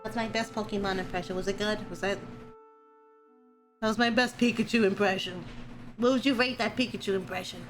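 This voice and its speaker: A woman streamer reacting casually and excitedly on a live stream, chatting with gasps and exclamations. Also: mid-range voice, fairly quick, long pauses, faint music behind.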